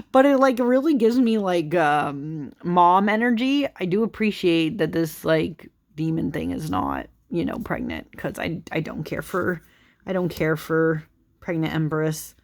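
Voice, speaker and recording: Low, gravelly-voiced woman chatting casually. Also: expressive, a little slow, darkish tone. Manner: rambling, filler-heavy, giggly, trailing off. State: sleepy, yawning late at night. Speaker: tarot channel host. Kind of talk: casual chatty card flipthrough.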